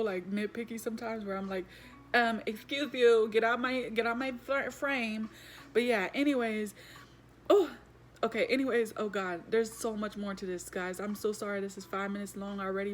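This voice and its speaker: Emotional woman doing a spiritual reading for her viewers, kinda high voice, rambly and earnest, faint noise behind her. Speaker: spiritual message reader. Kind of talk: casual spoken reading to viewers.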